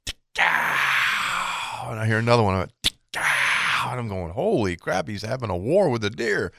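A man co-hosting a fishing show, telling a long hunting story in a relaxed, chatty way and acting out what each person said. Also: mid-range voice, fast, creaky, no echo, clean studio sound. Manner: animated storyteller, acts out quoted exchanges. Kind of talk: casual storytelling.

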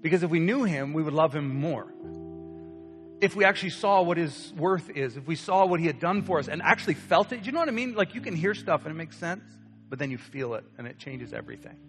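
A young man preaching, telling a personal story with lively acted-out voices. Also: fairly high pitch, quick pace. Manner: animated storyteller acting out quoted voices. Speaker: pastor. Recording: long hall reverb with soft guitar.

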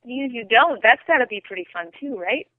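A mid-pitched podcast co-host trades playful, teasing banter in casual chat. The voice comes through a thin, tinny, phone-like line. There is no room echo. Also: lively intonation, fast talker.

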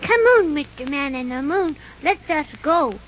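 A woman's voice: sits high, expressive, normal speed. A woman voicing an earnest young boy who politely scolds others, in 1930s radio drama style. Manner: scolding, earnest, bright child-like delivery. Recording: muffled old radio recording.

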